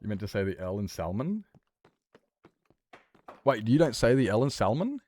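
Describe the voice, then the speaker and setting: A man's voice: on the low side, sing-song, normal speed, a little mellow. A man, casually chatting with viewers during a game stream, rambling and argumentative, swearing now and then. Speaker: livestreamer. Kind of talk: casual chat with viewers while gaming.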